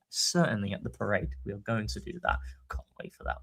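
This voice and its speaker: A man co-hosting a live football fan stream, chatting casually and excitably, laughing often. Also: medium pitch, fairly quick, hardly any pauses. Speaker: co-host of a football fan show.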